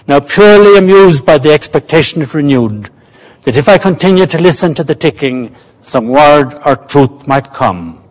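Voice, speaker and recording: A man reading from his own novel at a slow, measured pace, trailing off softly. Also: fairly high pitch. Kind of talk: literary reading. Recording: reverberant hall.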